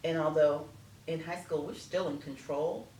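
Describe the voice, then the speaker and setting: A middle-aged woman speaking as an interview guest, an animated storyteller who acts out family conversations. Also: low voice, normal speed. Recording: echoey room, distant from mic, faint noise.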